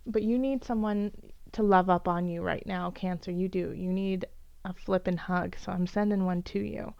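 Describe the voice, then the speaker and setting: A woman's voice: on the low side, steady tone, normal speed, creaky, clear, resonant tone, no echo, highs cut off. A woman giving an earnest, encouraging tarot reading for each zodiac sign, with many fillers and restarts. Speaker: tarot reader.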